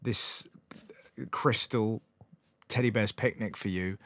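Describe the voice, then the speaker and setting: A man's voice: on the low side, fairly even intonation, a bit bright, no echo, clean studio sound. Teasing male host. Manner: teasing, quick interjections. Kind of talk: casual chat.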